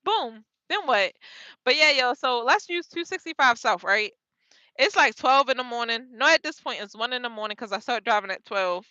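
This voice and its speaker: Casting: young woman vlogger, high bright voice, lively storytelling, dry close mic. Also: normal speed, no echo, dull audio. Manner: animated, laughing, dramatic retelling. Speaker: vlogger, truck driver. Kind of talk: casual storytelling vlog.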